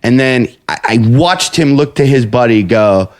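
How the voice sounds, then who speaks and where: A man's voice: mid-range voice, normal speed. A man chatting casually as a podcast host, telling stories and acting out the quotes in jumpy voices. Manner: animated storyteller, acts out quotes in jumpy voices. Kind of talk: casual chat.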